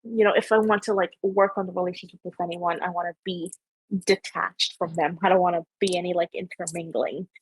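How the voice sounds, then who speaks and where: Young Canadian woman host, slightly husky, loose and rambling, lots of "like", dry close sound. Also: on the low side, level tone, brisk, no room sound. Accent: Canadian, Ontario. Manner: rambling, heavy on filler "like". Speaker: podcast host. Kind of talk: casual chat.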